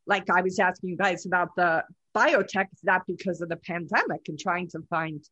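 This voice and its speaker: Woman host, husky voice, dry close sound, chatty and prompting. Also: on the low side, steady tone, a little fast, fairly bright tone, no echo, muffled recording. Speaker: podcast host. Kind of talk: casual podcast chat.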